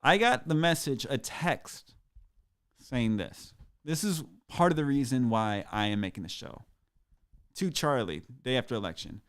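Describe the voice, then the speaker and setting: A man's voice: mid-range voice, expressive, unhurried, clear, resonant tone. A man hosting a comedic podcast solo, rambling in a boastful, sarcastic, mock-grandiose way. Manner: self-aggrandizing, sarcastic, rambling. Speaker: podcast host.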